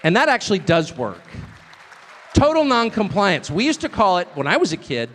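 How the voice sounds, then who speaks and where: A middle-aged man giving a live public speech as a guest speaker, animated and sardonic, with mocking asides and short chuckles. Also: high voice, moderate pace. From United States. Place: large hall with a live audience. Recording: long hall reverb with crowd.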